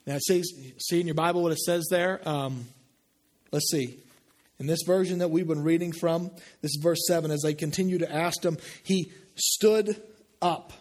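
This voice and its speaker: Conversational preacher man, fairly high voice. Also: fairly even intonation, darkish tone. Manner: conversational, asks the congregation questions; drops low and slow for emphasis. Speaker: pastor. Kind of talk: sermon.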